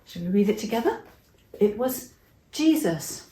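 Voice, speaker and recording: A woman's voice: mid-range voice, big pitch swings, unhurried, warm tone, reverberant, poor audio. An older woman telling a Bible story to young children, chatty and interactive, asking them questions as she goes.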